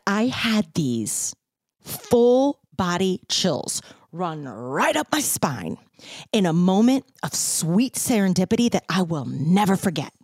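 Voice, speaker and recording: A woman's voice: lowish voice, a little mellow, dry recording, clean studio sound. A woman telling her own story as a brand founder, with playful emphasis and upbeat slang. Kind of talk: personal storytelling monologue.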